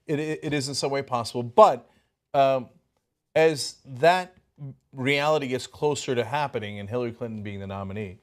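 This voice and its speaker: A man hosting a political talk show, giving animated and worked-up commentary. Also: mid-range voice, normal speed.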